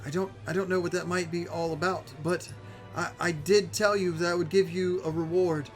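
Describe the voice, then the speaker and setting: A man's voice: high voice, steady tone, moderate pace, soft background music, pitched above the performer's own voice, natural voice. A man voicing a gracious middle-aged woman leader who speaks formally and stammers now and then.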